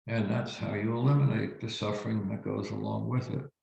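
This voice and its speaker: A reverend speaks in a gravelly, fry-edged voice, teaching slowly and reflectively with deliberate pauses. His voice sits in a roomy space, and the recording sounds dull and lo-fi. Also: on the low side, steady tone, warm tone. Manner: slow, reflective storytelling with emphatic pauses. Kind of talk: spiritual teaching talk.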